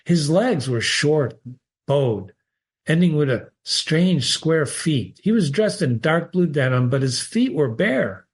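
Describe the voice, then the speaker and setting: A man reading a short story aloud as the show's host, expressive and lifting his pitch on key words. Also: slow, breathy edge. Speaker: reader.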